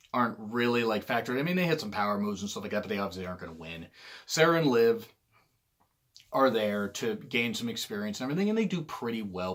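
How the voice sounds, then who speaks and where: A man giving casual solo commentary on wrestling, rambling and correcting himself, often clearing his throat. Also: lowish voice, fairly bright tone.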